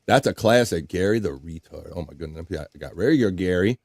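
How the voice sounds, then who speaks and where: A man's voice: low-pitched, brisk, no room sound, clean studio sound. A man hosting a live stream show, casually reading out viewer comments with jokes and frequent laughter. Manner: animated and jokey, laughs often. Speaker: livestream show host.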